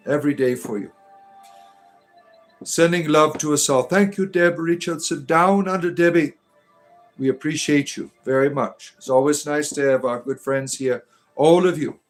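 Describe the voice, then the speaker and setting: Deadpan man with a Detroit accent. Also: mid-range voice. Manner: deadpan, tongue-in-cheek mystic persona. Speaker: livestream host. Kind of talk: casual livestream chat reading viewer comments.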